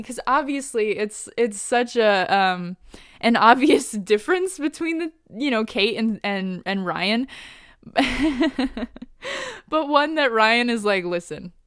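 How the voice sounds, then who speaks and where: A woman's voice: on the high side, lively intonation, clear, resonant tone, no echo, studio quality. A woman hosting a podcast, casually recapping an episode, laughing often and paraphrasing characters' lines. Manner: giggly, laughs often while retelling scenes; quotes characters in quick paraphrase. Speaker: podcast host.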